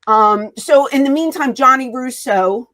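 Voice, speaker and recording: A woman's voice: sits high, measured pace. A woman guest in an interview, telling a story and acting out the dialogue as she goes. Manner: animated, acts out quoted dialogue. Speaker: wrestling guest.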